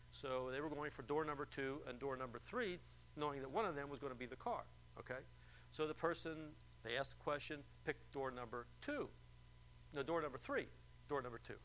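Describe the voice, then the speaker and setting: A man's voice: medium pitch, brisk, fairly bright tone, slight background noise, poor audio. A male preacher telling a story in a church service and firing rhetorical questions at the congregation. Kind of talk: sermon.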